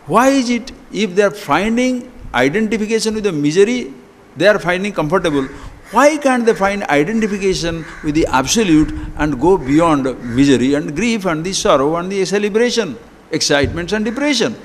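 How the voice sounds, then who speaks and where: Animated man teaching in a hall. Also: high voice, brisk, slight background noise. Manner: animated, rhetorical questions, chuckles often. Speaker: spiritual teacher. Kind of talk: spiritual discourse. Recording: long hall reverb.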